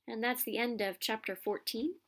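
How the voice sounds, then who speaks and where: A woman reading a children's novel aloud with expressive storytelling. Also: fairly high pitch, normal speed.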